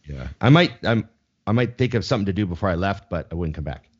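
Rambling through a casual podcast chat, this young co-host swears without restraint and often starts his sentences over. He talks quickly in a low, husky voice with lively intonation, captured in slightly dull lo-fi sound.

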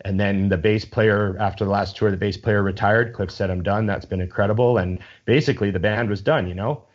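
Man, low voice, rambling casual chat, enthusiastic, swears a lot, dull lo-fi recording. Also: steady tone, brisk.

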